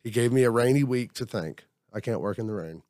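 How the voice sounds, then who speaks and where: A man's voice: medium pitch, expressive, brisk, a little mellow, no echo, clean studio sound. A man talking about his week at a table, rambling and acting out what others said. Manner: rambling, self-reflective, acts out quotes. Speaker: group member sharing. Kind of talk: casual group talk.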